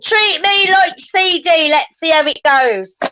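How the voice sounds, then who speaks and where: Casting: very high, bright-voiced woman, sweary goading. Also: animated, unhurried, no echo, low-quality recording. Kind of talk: aggressive trash talk.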